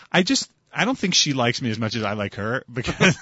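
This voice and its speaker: A man chatting on a podcast, animated and jokey, quick to poke fun at himself. His voice sits at an ordinary middle pitch. The recording is dry and a little dull, as if on a modest home setup. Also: slightly rough, no room sound. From New York. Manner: animated, jokey, self-deprecating. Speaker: podcast co-host. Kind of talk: casual chat.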